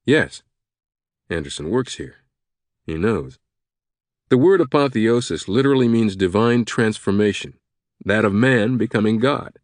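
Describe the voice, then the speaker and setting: A man's voice: fairly low pitch, animated, a little slow, long pauses, no room sound, studio quality. A man voicing a learned male professor who explains history patiently. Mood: explaining.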